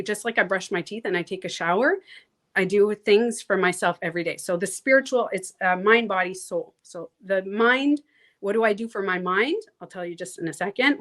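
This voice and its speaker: A woman coach talking casually in an interview, animated, acting out inner voices and laughing easily. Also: mid-range voice. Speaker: transformation coach, guest.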